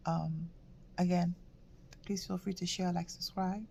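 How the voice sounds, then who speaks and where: A woman giving a casual tarot reading, halting and reflective, often repeating words and dropping into soft whispers. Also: lowish voice, flat delivery, gravelly, a little hiss or hum. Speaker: tarot reader.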